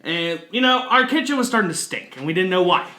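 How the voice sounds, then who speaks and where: A man's voice: sits high, lively intonation, quick pace, pushed and bright, roomy sound. A man co-hosting a podcast, trading crude jokes and laughing often. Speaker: podcast co-host. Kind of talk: crude comedic banter.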